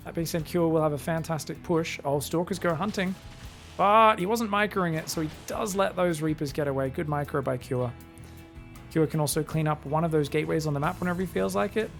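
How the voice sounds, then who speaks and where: A man casting a strategy game on his own, talking casually through each move and breaking into loud excited bursts. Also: a little high, creaky. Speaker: esports caster. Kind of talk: solo play-by-play game commentary.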